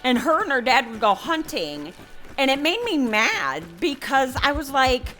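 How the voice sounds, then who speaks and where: A woman's voice: sits high, sing-song, a little slow, bright, forceful tone, faint music behind. An older woman hosting a gaming video, telling a rambling folksy story over her gameplay. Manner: rambling, folksy, chatty with many fillers. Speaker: gaming channel host. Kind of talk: casual gameplay commentary with storytelling.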